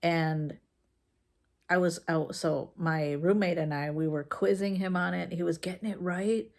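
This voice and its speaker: Mom vlogger, low gravelly voice, unhurried, halting, frank storyteller. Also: female voice, fairly even intonation, a little mellow. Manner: slow, halting, with many fillers and restarts; frank and conversational. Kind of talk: casual personal storytelling.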